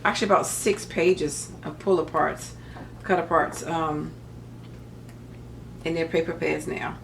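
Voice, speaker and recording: A woman's voice: low-pitched, fairly even intonation, unhurried, creaky, a bit bright, slight background noise. A middle-aged woman chatting casually through a craft paper haul, rambling with joking asides. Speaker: crafting vlogger. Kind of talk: casual haul show-and-tell.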